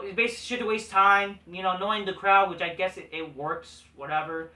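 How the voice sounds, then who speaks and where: A man's voice: sits high, bright, forceful tone, far from the mic. A man hosting a casual recap show, talking in a blunt, profane, dismissive way. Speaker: host. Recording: echoey room, voice set back from mic.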